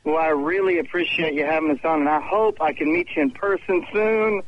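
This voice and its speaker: A man's voice: on the high side, brisk. Upbeat man on a dull phone line. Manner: upbeat and chatty. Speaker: guest musician. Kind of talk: phone interview. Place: backstage at a concert. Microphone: phone call.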